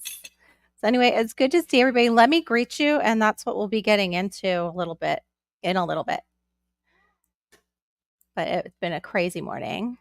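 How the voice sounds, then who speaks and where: A woman's voice: mid-range voice, lively intonation, normal speed, gravelly, pauses often, dry recording, clean studio sound. A woman hosting a casual live stream from home, chatting in a rambling way and greeting viewers by name. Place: at home with her young son nearby.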